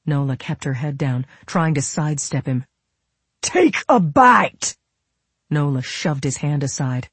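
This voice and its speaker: A narrator reading an audiobook with steady pacing. The voice is husky, mid-pitched, and recorded close and dry. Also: moderate pace, hardly any pauses, dry recording. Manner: steady storytelling. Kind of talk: scripted narration.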